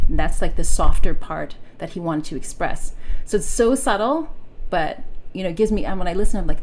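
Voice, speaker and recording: A woman's voice: fairly low pitch, lively intonation, brisk, slight background noise, rough recording. A young woman voice coach giving a chatty singing lesson, explaining lines and now and then singing them to demonstrate. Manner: breaks into sung demonstrations between explanations.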